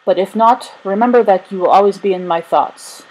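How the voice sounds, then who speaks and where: A woman voicing a courtly Venetian gentleman who gives a tender farewell in a storybook reading. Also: medium pitch, a little fast, close to an everyday voice, poor audio. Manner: gracious, tender.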